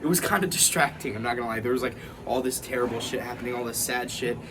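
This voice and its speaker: A man hosting his own movie review channel, talking casually at home in a rambling, animated way with some swearing. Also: medium pitch, quick pace, noisy background.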